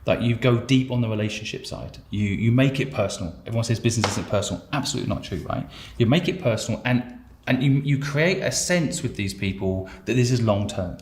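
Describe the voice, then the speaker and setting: A man's voice: medium pitch, lively intonation, a little fast, reverberant, a little hiss or hum. A man in casual chat, reflectively summing up the lessons of a story. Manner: reflective, sums up points with repeated "as well".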